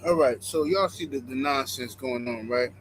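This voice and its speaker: A man's voice: mid-range voice, normal speed, slight background noise, low-quality recording. A man hosting a boxing reaction stream, talking bluntly and mockingly straight to his viewers. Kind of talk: casual live-stream commentary.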